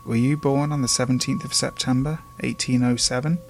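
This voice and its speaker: A man's voice: medium pitch, fairly even intonation, fairly quick, slight background noise, lightly acted. A man playing a blunt, unsympathetic gravedigger who talks coarsely. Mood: questioning. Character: callous, gruff male gravedigger.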